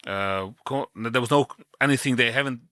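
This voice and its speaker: Man with hungarian accent, mid pitch, bright clear tone, dry close recording, measured and hesitant. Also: dry recording. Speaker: co-host. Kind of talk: casual chat.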